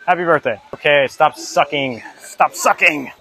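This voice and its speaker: A man's voice: mid-range voice, normal speed, pushed and bright. A young man vlogging his gymnastics practice on a clip-on mic, self-deprecating and tired, often out of breath. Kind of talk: mic'd-up gym vlog commentary. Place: indoor gymnasium.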